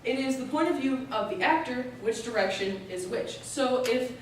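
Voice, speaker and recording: A young woman gives a steady, explanatory student talk, now and then pausing on a filler. Her voice sits a little high and comes from some distance off the mic. A strong echo fills the room around her. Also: a little hiss or hum. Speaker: student presenter. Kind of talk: informative speech.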